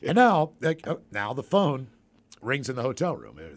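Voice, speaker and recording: A man telling a story in casual chat, animated and laughing as he talks. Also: medium pitch, normal speed, slight background noise.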